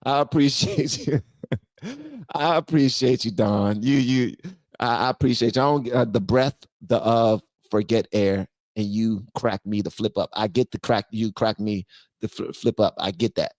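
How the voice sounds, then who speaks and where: Animated ranting live stream host. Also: male voice, fairly low pitch, normal speed, no room sound, studio quality. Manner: animated, loud swings between shouting and muttering. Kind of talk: ranting commentary and reading chat on a live stream.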